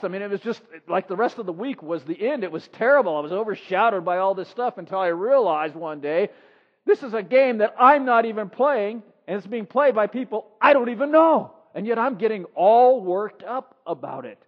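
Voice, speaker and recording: A man's voice: high voice, animated, normal speed. A male pastor preaching a sermon, hammering points with repeated phrases and rhetorical questions. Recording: reverberant hall, dull lo-fi sound.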